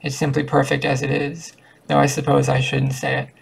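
A man's voice: mid-range voice, completely flat delivery, brisk, vocal fry, husky, rough recording. A man voicing a fussy, talkative older spinster woman in an audiobook reading, in a plain reading voice. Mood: chattering.

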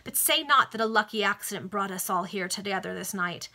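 A woman's voice: medium pitch, animated, fairly quick, pushed and bright. A woman reading the part of an earnest young man who speaks in a solemn, impassioned way.

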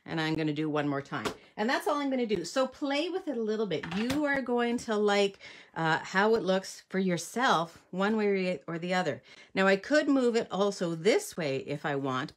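A middle-aged woman from Canada leading a live card-making demonstration, chatty and thinking aloud as she works, often correcting herself. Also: medium pitch.

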